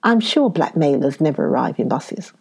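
A woman voicing a lively, impulsive young woman adventurer who is quick to exclaim, in a storybook reading. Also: sits low, vocal fry, breathy edge, heavily acted. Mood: playful.

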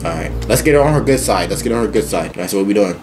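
A man plays a story game and reacts loudly, swearing and yelling at what happens. His pitch swings widely as he talks. Game music plays under his voice. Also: very fast. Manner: loud, excitable, swearing and shouting at the game. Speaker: gaming streamer. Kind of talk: casual let's-play commentary.

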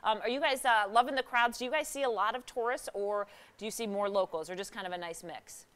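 A woman's voice: mid-range voice, quick pace, a bit bright, smooth. A woman hosting a live local TV interview, upbeat and laughing often. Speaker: TV morning show host.

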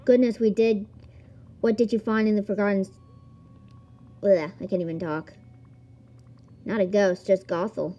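A woman's voice: mid-range voice, fairly even intonation, normal speed, long pauses, dark tone, highs cut off. A woman giggling and exclaiming as she plays a video game and reads its text aloud. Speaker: gamer. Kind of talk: let's-play commentary.

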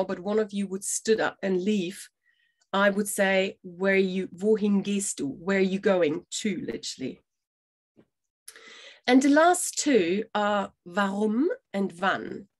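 A middle-aged woman gives a language lesson to camera. Her voice has a gravelly, creaky texture at an ordinary mid pitch. She explains patiently, step by step, and keeps checking that the listener is following. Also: a little mellow. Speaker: German language teacher.

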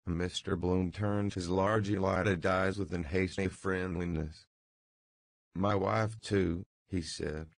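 Deep, gravelly male audiobook narrator. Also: little pitch movement, a little slow, hardly any pauses, no room sound.

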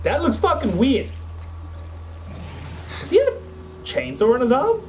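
A man's voice: very high voice, huge pitch swings, measured pace, a little hiss or hum, poor audio. A man streaming a horror game, swearing and jumpy while he talks to his companion through a desk mic. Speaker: gameplay streamer. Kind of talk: let's play commentary. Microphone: desk mic with face cam.

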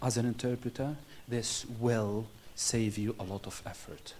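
A man lecturing interpreting students, deliberate and chuckling at his own stories. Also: lowish voice, fairly even intonation, darkish tone, a little hiss or hum. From Tunisia. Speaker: university lecturer.

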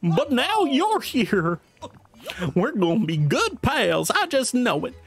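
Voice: mid-range voice, wildly swooping pitch, slow, husky, voice pushed up, full character voice. A streamer voicing a friendly, clumsy cartoon dog man while reading game dialogue aloud, full of "gosh" and folksy drawl. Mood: excited.

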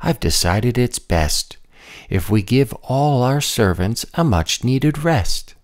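A man's voice: medium pitch, expressive, slow pace. A man voicing a proud, hot-tempered male king in a storybook, with a commanding manner. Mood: gentle.

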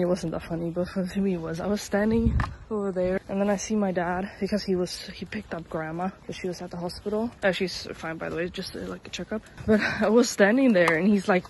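A woman's voice: medium pitch, darkish tone, slight background noise. A woman vlogging in a casual, chatty way, laughing often and swearing now and then. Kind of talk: casual vlog chat. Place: partly outdoors at night.

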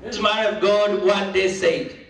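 A high-pitched man preaches with emphatic force, his voice swelling now and then. He is heard from a distance in a very echoey church hall. Strong music runs behind him. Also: flat delivery, measured pace, gravelly. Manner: emphatic, mixes languages, rising to a shout. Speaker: church leader speaking at a launch. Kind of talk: sermon-style speech.

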